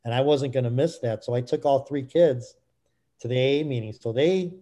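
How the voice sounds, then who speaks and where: A middle-aged man speaking candidly as an interview guest, halting with frequent restarts. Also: medium pitch, mellow. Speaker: guest, author.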